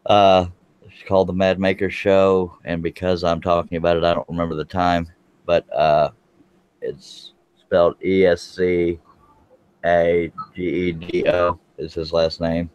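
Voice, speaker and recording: A man's voice: low voice, little pitch movement, measured pace, darkish tone, clear, resonant tone, lo-fi sound. A man, chatting on a live stream as a guest woodworker, rambling and correcting himself as he goes. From Texas. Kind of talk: casual live-stream chat. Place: home, smoking while talking.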